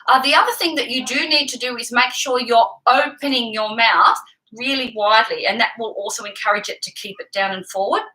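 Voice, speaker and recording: A woman singing teacher who explains technique patiently and clearly, breaking off to sing short examples. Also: fairly high pitch, a little fast, pushed and bright, poor audio. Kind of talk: vocal lesson with sung demonstrations.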